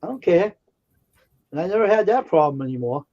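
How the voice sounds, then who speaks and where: A man's voice: sits high, sing-song, brisk, mellow, highs cut off. A man on a livestream casually telling indignant, heated stories about confrontations. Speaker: stream co-host. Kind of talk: casual storytelling chat.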